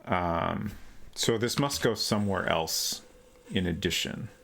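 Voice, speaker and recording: A man's voice: low-pitched, lively intonation, slow pace, vocal fry, fairly bright tone. A man streaming a retro computer game, thinking aloud in a hesitant, musing way as he plays. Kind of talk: casual let's-play commentary.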